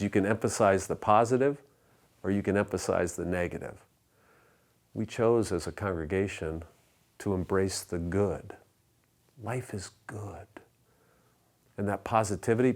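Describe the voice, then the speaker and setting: A man, a pastor, delivering a sermon in a church, measured in pace and dropping to a hush on his repeated refrains. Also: sits low. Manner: measured preaching with soft, hushed repeated refrains. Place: church sanctuary.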